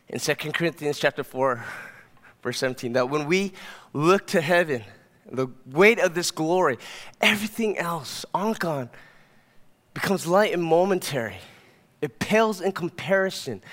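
A man's voice: fairly high pitch, a bit bright. Slightly breathless man preaching a sermon. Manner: demonstrates lifting a weight on stage, rising to fervent emphasis. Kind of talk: sermon with closing prayer. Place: church stage.

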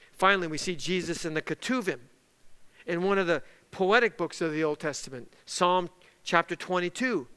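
A male preacher delivers an emphatic teaching sermon. He spells out words and drives home key terms again and again. His high, bright voice rings out in a large hall with a long reverb. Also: fairly quick, smooth.

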